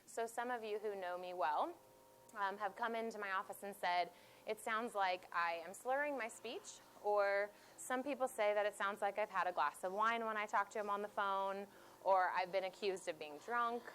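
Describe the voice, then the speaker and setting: A woman's voice: mid-range voice, normal speed, a bit bright, slight background noise, low-quality recording. A woman speech therapist presenting to a support group, explaining terms plainly and repeating key points. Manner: demonstrates sounds aloud. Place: meeting room with audience.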